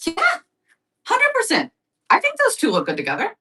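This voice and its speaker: A woman's voice: on the high side, wildly swooping pitch, rapid-fire, sharp tone, far from the mic. A woman hosting a live craft-supply sale, chatting casually and upbeat with viewers. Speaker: live shopping host. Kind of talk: casual live-stream sales chat.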